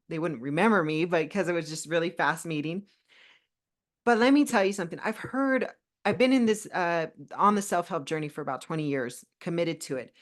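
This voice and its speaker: A middle-aged woman co-hosting a podcast, telling personal stories in a heartfelt, animated way with many restarts. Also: lowish voice. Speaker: podcast co-host. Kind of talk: casual podcast chat.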